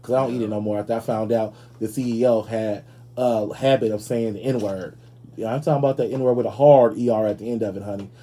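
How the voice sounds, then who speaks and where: Sassy man with a husky, mellow voice. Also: fairly low pitch, brisk. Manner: sassy, animated, swears freely. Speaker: podcast host. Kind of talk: casual commentary.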